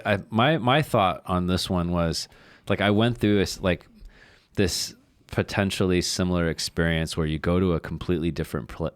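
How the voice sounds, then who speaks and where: Deep-voiced man in rambling podcast chat. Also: no echo, clean studio sound. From lives in Shanghai, China. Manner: rambling and candid, heavy filler words, swears freely. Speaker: podcast co-host. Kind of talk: casual chat.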